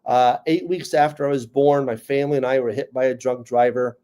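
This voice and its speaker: A man's voice: mid-range voice, steady tone, fairly quick, mellow. A man in his fifties with a New York accent, a comedian and speaker joking and telling his own story to a conference audience. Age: 50s. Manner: joking, then earnest and personal. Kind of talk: stand-up comedy talk at a conference.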